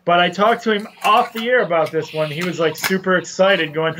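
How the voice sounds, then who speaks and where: A man's voice: high voice, a little fast, few pauses, noisy background. A young man co-hosting a sports picks show, joking and chatty in a casual way and laughing often.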